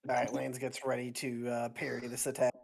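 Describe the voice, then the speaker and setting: A woman's voice: extremely low pitch, completely flat delivery, gravelly, a little mellow, slightly rough. A woman playing in a tabletop game, chatting casually in an upbeat, joking way. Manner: upbeat, quick to joke. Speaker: player.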